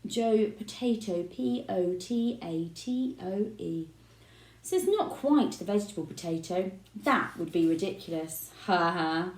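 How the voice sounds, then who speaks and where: A fed-up young boy blurts out indignant lines, as a woman reading a storybook voices him. The voice climbs and dips a lot and sounds soft and mellow, with the echo of a roomy space around it. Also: lowish voice, lively intonation, measured pace. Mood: awkward. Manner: loud, indignant outbursts. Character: angry fed-up twelve-year-old boy.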